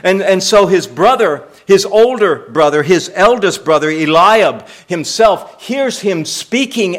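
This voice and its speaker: A man delivering a sermon as pastor, emphatic and repetitive, asking rhetorical questions. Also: high-pitched.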